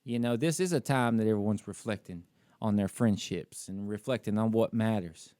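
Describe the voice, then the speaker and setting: A man's voice: fairly low pitch, normal speed, warm tone, clear, resonant tone, no room sound, clean studio sound. A man co-hosting a podcast, telling a story in a casual, candid way and criticizing himself, with lots of "you know" and "like". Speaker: podcast co-host. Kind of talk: casual chat.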